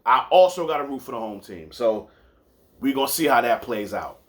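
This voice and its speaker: A man's voice: mid-range voice, expressive, moderate pace, fairly bright tone. A man hosting a casual sports podcast, telling stories loosely with repeats and some swearing. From New York. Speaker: podcast host.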